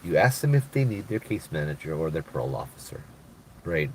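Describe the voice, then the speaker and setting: A middle-aged man with a Hawaiian Pidgin-tinged accent, chatting casually on a live stream and telling stories, laid-back and animated when he quotes people. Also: extremely low pitch, fairly quick, a little hiss or hum. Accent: Hawaiian Pidgin-tinged English. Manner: laid-back, animated when quoting others, laughs often. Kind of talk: casual live chat storytelling.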